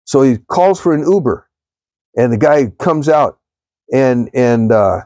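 A man's voice: mid-range voice, lively intonation, slow, darkish tone, no echo. A man hosting a devotional live stream, telling stories in a rambling way and speaking straight to his viewers. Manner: rambling storytelling, addresses viewers.

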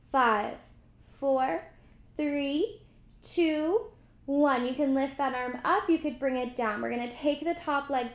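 A woman's voice: high-pitched, roomy sound. A woman teaching a mat pilates class, cueing moves, counting reps and adding chatty asides. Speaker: pilates instructor. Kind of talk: guided workout instruction.

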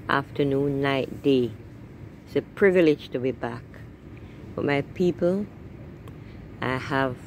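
A woman's voice: low voice, darkish tone, a little hiss or hum, rough recording. A woman vlogging outdoors in her garden on a handheld phone, exclaiming with delight as she shows her viewers around. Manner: effusive, keeps calling out "my people" and exclaiming. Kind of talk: casual vlog, filming and narrating a garden tour. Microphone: phone camera held while walking.

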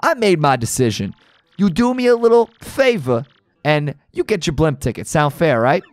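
A man voicing a gruff, domineering mob boss in a video game playthrough, talking tough in a gangster manner. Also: a little high, sing-song, normal speed, no room sound, voice pushed up. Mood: persuasive. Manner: tough-guy gangster talk, clipped threats. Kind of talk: let's play voice acting.

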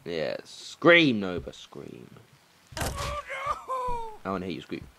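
A young man doing let's play commentary, excitable and swearing, shouting at the game. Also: low voice, slow, gravelly, background noise. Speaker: gaming commentator.

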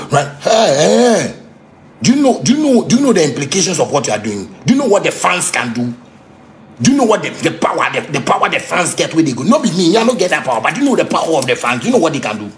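A man with a Ghanaian Pidgin English accent ranting angrily, heated and repetitive, sometimes shouting. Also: fairly high pitch, very animated, rapid-fire, slight background noise. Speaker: musician ranting on a livestream. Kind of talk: angry unscripted rant.

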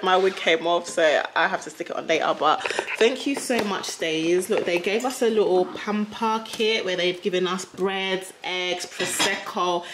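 A young woman vlogger talking casually to her viewers, giving a house tour. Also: medium pitch. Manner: chatty, addresses viewers as guys. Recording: echoey room with loud noise.

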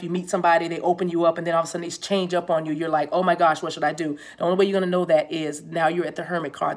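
A woman giving a casual tarot reading to her viewers, chatty and repeating herself, with laughs often. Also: on the low side. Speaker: tarot reader.

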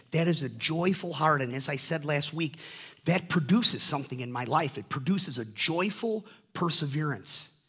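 A man's voice: a little high, fairly bright tone, breathy edge. A man in his fifties, a pastor, preaching an impassioned sermon, acting out voices in the stories he tells, often repeating words. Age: 50s.

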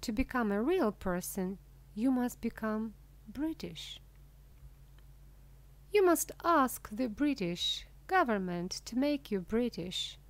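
Woman, audiobook narrator, slow deliberate pace, slightly high pitch. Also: expressive. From Russia. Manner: slow, clear, deliberate reading. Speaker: audiobook reader. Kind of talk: scripted narration of a graded reader.

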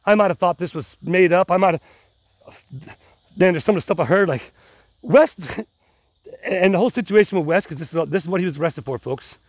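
A man's voice: high voice, a little fast, long pauses, no room sound. A middle-aged man vlogging casually to his viewers, rambling and restarting, pumped up on adrenaline. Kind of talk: casual vlog talk to viewers.

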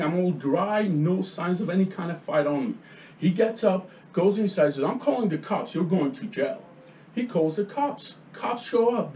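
A man's voice: high voice, a little mellow, slight background noise. A man giving a heated public comment at a meeting, agitated and repeatedly pressing his points with "okay?". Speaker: resident speaking at a public meeting. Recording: echoey room from far off.

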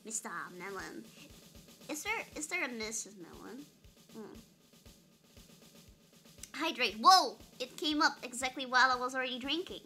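A woman's voice: high-pitched, animated, moderate pace, pauses often, sharp tone, soft background music. A young woman streaming a game, chatting playfully with her chat and giggling often. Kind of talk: casual live-stream chat.

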